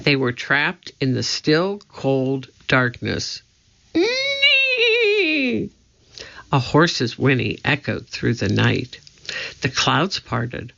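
Slow, gravelly woman narrating a storybook. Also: a bass voice, fairly bright tone. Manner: measured and deliberate. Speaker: audiobook reader. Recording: slightly dull lo-fi recording.

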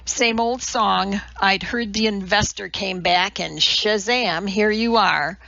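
A woman's voice: mid-range voice, takes it slowly, gravelly, pushed and bright, no echo, exaggerated voice. A woman voicing a sarcastic, needling female personnel officer who mocks a colleague. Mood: mocking. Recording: slightly dull lo-fi.

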